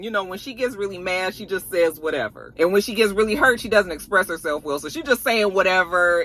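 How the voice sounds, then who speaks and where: A young woman giving a casual, gossipy recap, animated and sassy and swearing freely. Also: medium pitch. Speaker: reality TV recap YouTuber.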